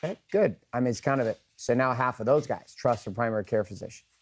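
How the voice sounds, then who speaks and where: A middle-aged man leads a group session, talking fast in a mid-range voice. Candid, blunt and earnest, he swears a lot and keeps asking the room questions and for a show of hands.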